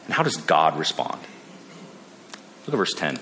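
A man preaching a sermon, animated, acting out the characters he quotes. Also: sits low, a little slow, long pauses, a little hiss or hum. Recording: long reverb of a large hall.

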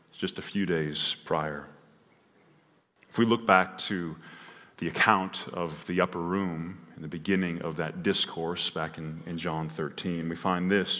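A man's voice: low-pitched, fairly bright tone. Man preaching in a reverberant hall. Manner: earnest, rising to emphatic peaks with frequent restarts. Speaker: pastor. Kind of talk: sermon. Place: church sanctuary.

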